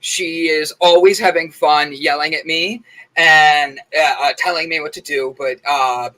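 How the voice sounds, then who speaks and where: Chatty, bright-voiced young male co-host. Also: fairly high pitch, fairly even intonation, a little slow, poor audio. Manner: chatty storytelling, lots of fillers. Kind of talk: casual morning show chat.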